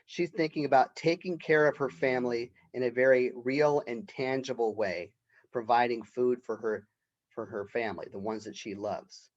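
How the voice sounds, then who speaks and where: A man lecturing a college class in a relaxed, conversational manner, often tagging his points with a quick "right?". His voice sits in a middle pitch. The recording is dull and lo-fi. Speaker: college literature professor.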